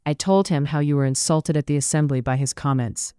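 A narrator plays a gentle, hopeful young lady from a period storybook, kind and soft-spoken. The voice is smooth and clear, and it is recorded close and dry. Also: mid-range voice, a little fast, no room sound, lightly acted. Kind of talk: audiobook character reading.

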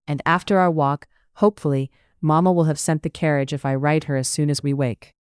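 A narrator plays a spirited young lady from a period storybook, wry and teasing. The voice comes through smooth and clear. It is recorded close and dry. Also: medium pitch, steady tone, fairly quick, dry recording, close to an everyday voice. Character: witty, spirited young gentlewoman. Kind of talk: audiobook character reading.

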